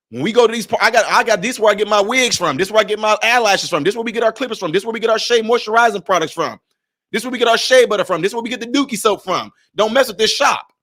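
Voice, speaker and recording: A man's voice: sits high, expressive, fast, a bit bright. A man giving emphatic, conversational commentary in a vlog, speaking directly to his viewers.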